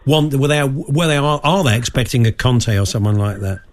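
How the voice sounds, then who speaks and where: Male sports radio host at middle pitch. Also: brisk. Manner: conversational, with hesitations and banter.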